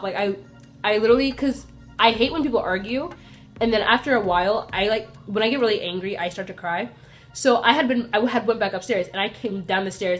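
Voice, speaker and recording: A young woman vlogger casually telling a story, chatty and animated, acting out the lines of the people in it. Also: on the high side. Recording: faint music playing behind.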